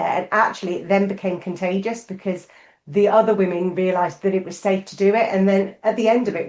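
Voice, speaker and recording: A woman's voice: mid-range voice, darkish tone. A middle-aged woman co-hosting a podcast, talking openly and thoughtfully with many fillers. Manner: open, thoughtful, frequent fillers. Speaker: podcast co-host. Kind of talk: casual conversational chat. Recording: roomy echo.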